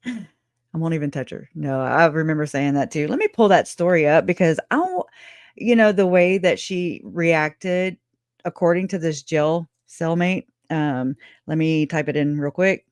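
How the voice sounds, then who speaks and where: A woman's voice: deep voice, normal speed, darkish tone, dry recording, clean studio sound. A woman hosting a true crime livestream, talking bluntly and emotionally, often breaking into laughter as she reacts. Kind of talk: casual livestream commentary.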